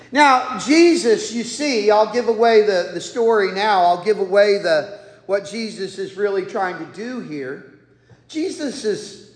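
A man preaching a sermon in a folksy, joking way, acting out the people he quotes. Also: high-pitched. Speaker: pastor. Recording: echoey hall with long reverb.

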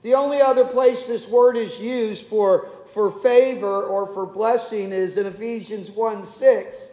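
A pastor preaching a sermon in a chatty, conversational way, tossing rhetorical questions at the congregation. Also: male voice, high-pitched, steady tone, unhurried, mellow. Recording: echoey hall with long reverb.

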